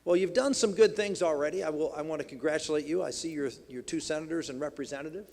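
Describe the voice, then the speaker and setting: A man's voice: fairly high pitch, fast, vocal fry, darkish tone. A middle-aged man giving a folksy political speech at a banquet, rambling with many restarts and fillers. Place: banquet hall. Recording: reverberant banquet hall.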